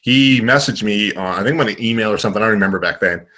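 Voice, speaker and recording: A young man, a guest telling stories in a relaxed, rambling way and laughing along. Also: on the low side, fast talker. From Canada. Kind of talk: casual storytelling.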